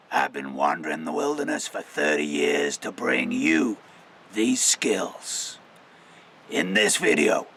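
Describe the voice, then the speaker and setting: A man voicing a grizzled old male wilderness wanderer, presenting bushcraft gear outdoors in a folksy, gravelly drawl. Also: medium pitch, sharp tone, slight background noise, heavily acted, low-quality recording. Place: outdoors by a campfire.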